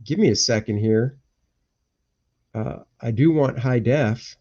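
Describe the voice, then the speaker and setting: A man chatting slowly and loosely on a home live stream, thinking out loud and grumbling under his breath between points. His voice sits at an ordinary middle pitch, and the audio is dull and lo-fi. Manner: rambling, grumbles and mutters to himself. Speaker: cartoonist hosting a live stream. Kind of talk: casual live-stream chat, thinking aloud. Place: indoor home room.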